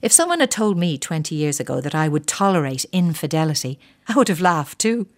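A middle-aged woman reading a first-person short story in a measured, quietly bitter, reflective way. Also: low-pitched, sing-song. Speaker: narrator.

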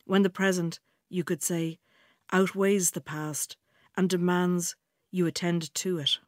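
A woman's voice: lowish voice, little pitch movement, a little slow, no room sound, clean studio sound. An Irish woman presenting a radio feature, asking questions and narrating thoughtful scripted passages. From Ireland.

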